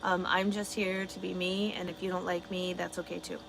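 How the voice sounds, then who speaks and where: A woman's voice: lowish voice, level tone, fairly quick, gravelly, background noise. A woman truck driver on a casual livestream, answering her chat bluntly and swearing freely. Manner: blunt, swears a lot, talks back to chat.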